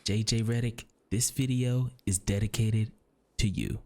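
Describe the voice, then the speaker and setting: Low-voiced man narrating a sports video. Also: steady tone, unhurried, warm tone. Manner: confident, mocking commentary. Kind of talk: scripted narration.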